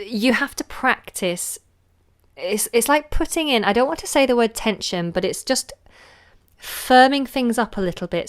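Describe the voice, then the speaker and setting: A woman, a singing teacher answering viewer questions in a relaxed, chatty way on a live stream. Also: medium pitch, clear, resonant tone. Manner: relaxed, chatty, demonstrates sounds with her voice.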